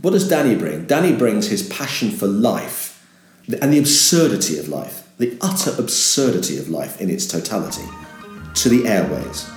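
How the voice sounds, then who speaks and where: An older man talks through his years as a radio presenter. His voice sits very low but swings widely, and he bursts into a bright, upbeat presenter voice to make a point. The room around him is noticeably echoey. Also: moderate pace, soft background music. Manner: animated, jumps to a bright upbeat presenter voice when demonstrating. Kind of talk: reflective interview.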